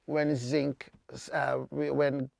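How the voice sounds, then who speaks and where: A man from Brazil, whose first language is Portuguese, telling stories in a casual podcast chat and acting out what people said with big jumps in pitch. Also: slow pace, vocal fry, no echo, studio quality. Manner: animated, acts out quotes with big jumps in pitch. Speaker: DJ, podcast guest. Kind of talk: casual storytelling.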